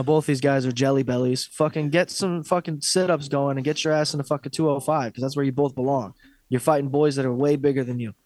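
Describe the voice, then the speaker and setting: On a fight podcast, this male co-host talks sports casually in a blunt, foul-mouthed, opinionated manner. His voice is mid-range and slightly mellow, with no echo in the recording.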